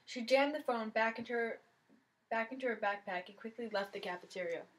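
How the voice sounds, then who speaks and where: A woman's voice: a little high, a little fast, fairly bright tone, low-quality recording. A woman reading a mystery novel aloud, telling the story in the first person with plenty of expression. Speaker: reader of a novel.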